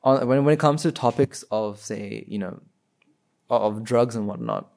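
A man's voice: lowish voice, animated, moderate pace, vocal fry, darkish tone. A man giving an informal talk, asking his listeners rhetorical questions and often restarting his sentences. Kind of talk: informal spoken talk to an audience.

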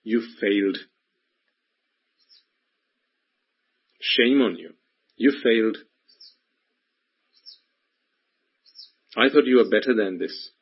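A man's voice: fairly low pitch, normal speed, husky. A man voicing a stern inner voice of conscience that scolds and repeats its reproaches, on a dull lo-fi recording. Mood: disappointed.

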